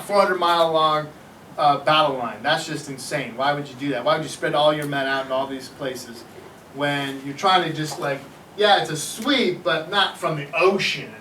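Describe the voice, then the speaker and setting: Animated male teacher in an echoey classroom. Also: fairly high pitch, far from the mic, slight background noise. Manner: animated, asks the class questions. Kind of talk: classroom history lecture.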